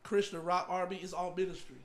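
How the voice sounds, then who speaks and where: A man who plays keys in church, telling stories in casual podcast chat, animated and laughing often. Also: high-pitched, fast. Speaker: church keyboard player.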